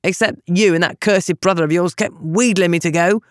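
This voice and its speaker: A woman voicing a gruff, sardonic young man who grumbles bluntly and uses rough slang. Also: fairly low pitch, moderate pace, no room sound, studio quality, natural voice. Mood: grumbling.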